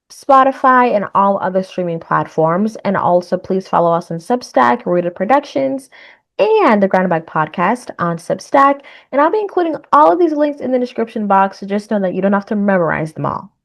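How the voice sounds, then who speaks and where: A woman hosting a casual reaction vlog, chatty, laughing often and repeating herself. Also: mid-range voice. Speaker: host.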